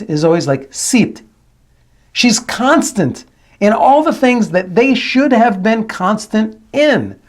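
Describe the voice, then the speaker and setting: Male dialect coach and host, slow and animated, emphatic analysis. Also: sits high. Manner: emphatic, drawn-out, repeats key phrases. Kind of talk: analytical commentary to camera.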